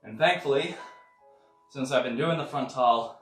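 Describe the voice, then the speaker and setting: A man leading a live kung fu and tai chi workout class, counting reps with sharp exhaled breaths and chatting casually between exercises. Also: mid-range voice, measured pace, reverberant, far from the mic, soft background music. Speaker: martial arts instructor.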